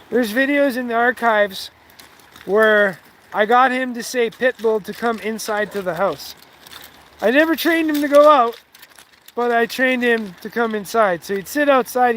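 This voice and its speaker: Casting: man, very high voice, unhurried reflective vlogger by a stream, faint outdoor hiss. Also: fairly bright tone, poor audio. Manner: slow, emotional musing, coaxing his dog. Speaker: vlogger walking his dog. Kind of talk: casual outdoor vlog.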